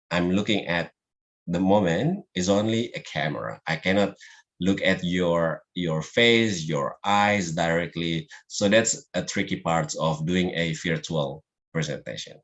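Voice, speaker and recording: Guy teaching public speaking online, low voice, talks real slow, non-native english. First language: Indonesian. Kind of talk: online class presentation.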